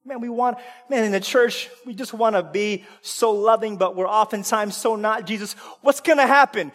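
A woman preaching an impassioned sermon, trading shouted refrains with hushed asides and firing rapid questions at the congregation. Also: a little high. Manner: call-and-response questions. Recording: long hall reverb.

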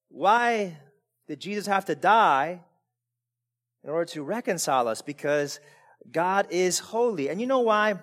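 A man preaching a sermon, swinging between quiet asides and emphatic peaks, often repeating words as he restarts. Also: sits high, lively intonation, unhurried, long pauses. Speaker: pastor.

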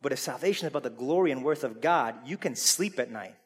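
A man preaching a sermon to a congregation. He asks them questions and climbs from easy conversation to loud, full-voiced preaching. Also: medium pitch, expressive, fast, husky. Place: church sanctuary. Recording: long reverb of a large hall.

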